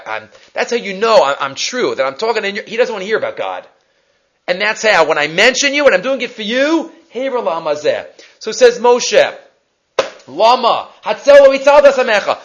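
A man giving a weekly Torah lesson, animated, rising to near shouts and dropping to quiet emphasis. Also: high voice. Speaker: Torah teacher. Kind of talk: weekly Torah portion lecture. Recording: dull lo-fi recording.

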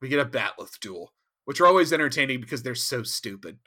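A man co-hosting a podcast, telling a rambling, animated recap with frequent asides. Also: mid-range voice, fast talker. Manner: rambling, animated, laughs often. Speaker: podcast co-host. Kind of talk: casual recap chat.

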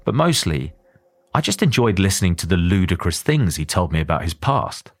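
A man from southern England narrates and interviews for a documentary podcast in a friendly way, laughing easily. His voice is fairly low but swings widely in pitch, with faint music behind him. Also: very animated, moderate pace. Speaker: host and journalist.

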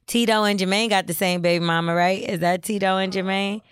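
Woman co-host, casual and crude, clear voice, dry close recording. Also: medium pitch, fairly even intonation, fairly quick, no room sound. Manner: blunt and profane, teasing her co-host. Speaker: podcast co-host. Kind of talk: casual podcast banter.

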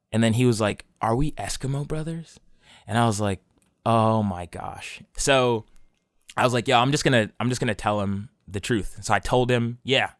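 A young man, low in pitch, tells a long story in loose, rambling casual chat and laughs along the way. His voice is smooth and clear, recorded dry and close with no room sound. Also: no echo.

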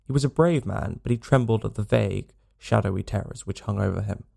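Gravelly male audiobook narrator. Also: lowish voice, dark tone. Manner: measured, dramatic storytelling.

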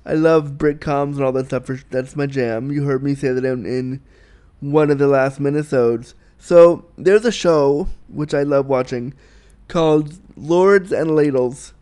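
A man's voice: fairly high pitch, darkish tone. A man hosting a casual solo podcast, talking candidly and bawdily in a rambling way with restarts and giggles. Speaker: podcast host.

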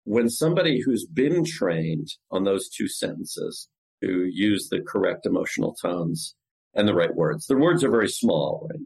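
A man's voice: sits low, big pitch swings, a little slow, gravelly, darkish tone, poor audio. A man, a company CEO, talking as a guest in a podcast interview and acting out cold-call lines in different voices. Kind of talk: podcast interview explaining sales technique.

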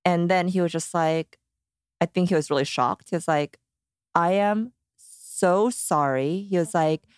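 Smooth-voiced woman telling a story. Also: lowish voice, normal speed, no echo, clean studio sound. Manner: animated storyteller acting out quotes. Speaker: podcast co-host. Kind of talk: casual chat.

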